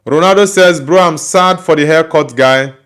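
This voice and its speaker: A man's voice: on the high side, normal speed, fairly bright tone, clean tone. A Nigerian man, a native Igbo speaker, hosting a casual livestream and chattily answering viewer comments he reads aloud. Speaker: host.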